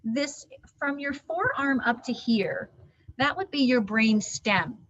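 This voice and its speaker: A woman trainer giving an animated live training talk to caregivers, teaching with hand gestures. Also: high-pitched, slow pace, slight background noise. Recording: dull lo-fi sound.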